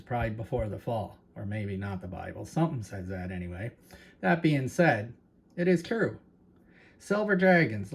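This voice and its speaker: A Canadian man chats to his viewers in a loose, rambling way, circling back and repeating himself as he goes. His voice sits at an ordinary middle pitch, and his accent stays plain in every line. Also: slightly rough. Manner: chatty, rambling, repeats words and asides to viewers. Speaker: channel host. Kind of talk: casual talk to camera.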